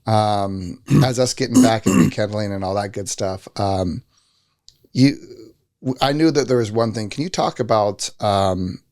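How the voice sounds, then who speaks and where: A man's voice: fairly low pitch, measured pace, a little mellow. A man hosting a casual interview, asking long rambling questions. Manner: rambling questions with fillers and restarts. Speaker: podcast host.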